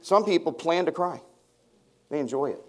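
A pastor in his fifties preaches with a voice pitched a little higher than most men's. He jokes his way through stories and calls out questions to his congregation. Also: expressive, normal speed, a little mellow. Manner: humorous, storytelling, banters with the congregation. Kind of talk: sermon. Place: church before a congregation.

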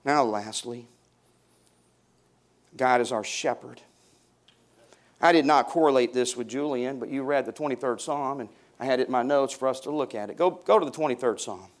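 Man preaching a sermon, mid-pitched voice, goes quiet then builds up loud and high, gets the church to answer back. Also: moderate pace, pauses often. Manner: swings from hushed to loud, rising emphatic passages; calls for congregation responses. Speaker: pastor.

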